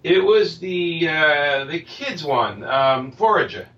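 A man's voice: a little high, lively intonation, slow pace, a bit bright. A man speaking as a comic book creator in a casual interview, rambling with many restarts and fillers. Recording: slightly dull lo-fi audio.

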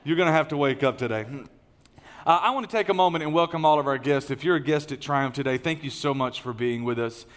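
A man's voice: on the high side, fast, fairly bright tone. A middle-aged man, preaching a conversational, folksy sermon as lead pastor, with many fillers and restarts. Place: large church auditorium. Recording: long reverb of a large hall.

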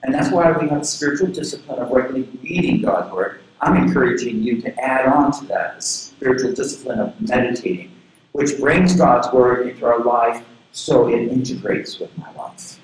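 A man from southern Florida preaching a sermon as a pastor, telling personal stories in an earnest way. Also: moderate pace. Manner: earnest, personal storytelling with lively pitch swings. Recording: very echoey room with faint background noise.

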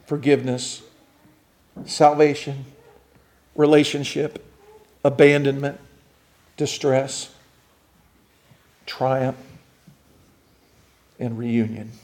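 Male preacher, sermon delivery, swings from loud rising emphasis to hushed near-whispers, mid-pitched voice. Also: fairly even intonation, drawn-out words, long pauses.

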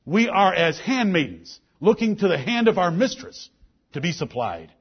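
A man's voice: high voice, animated, normal speed, slightly rough, muffled recording. A male pastor preaching a sermon to his congregation, emphatic and fervent, often quoting scripture in old-fashioned biblical wording. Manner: emphatic preaching with King James scripture quotes.

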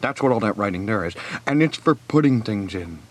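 A man voicing a cheerful, simple-minded male bear who talks in an eager, excitable way in a radio comedy story reading. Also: fairly low pitch, brisk. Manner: bouncy, excitable.

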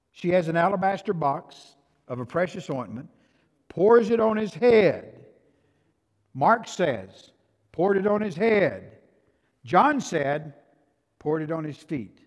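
A man preaching a sermon as pastor, folksy and direct with the congregation, swinging between hushed asides and loud, emphatic passages. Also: a little high, long reverb tail.

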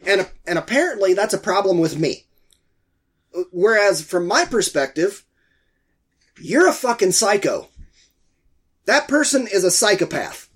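A middle-aged man with a stuffy head cold, talking in a high voice for a man. He tells a long story in a loose, rambling way and sounds exasperated by it. The tone stays casual and chatty. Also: sing-song, measured pace, long pauses, fairly bright tone, slightly rough. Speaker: podcast co-host. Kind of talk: casual chat.

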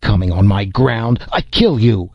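A man's voice: deep voice, sing-song, a little slow, husky, no room sound, dull audio, full character voice. A man voicing a brutish, suspicious male tribal slaver chief in an audiobook, speaking in clipped, broken phrases. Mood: hostile. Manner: broken clipped speech, blustering. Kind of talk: audiobook character voice.

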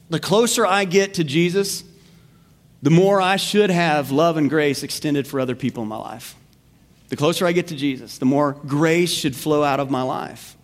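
A male pastor preaching a sermon in an animated way, asking the congregation questions and repeating key phrases. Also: a little high. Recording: long hall reverb.

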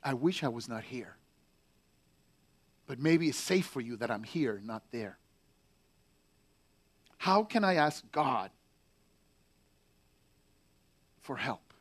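A preacher reading aloud the letters of an angry, heartbroken young male Marine writing home, in a bitter, pained and halting voice. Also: mid-range voice, lively intonation. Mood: anguished. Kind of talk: letter read aloud in a sermon.

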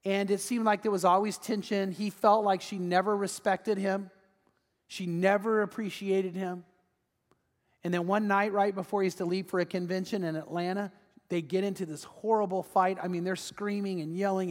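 A man preaching a sermon as pastor, telling the story with animated delivery and acting out the people he quotes. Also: sits high, normal speed, in a large hall.

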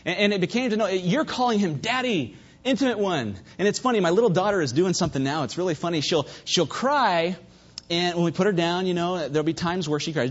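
A man preaching a sermon at a church service, fervent, swinging between loud emphasis and hushed asides. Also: a little high, slightly rough. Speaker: pastor. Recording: dull lo-fi recording.

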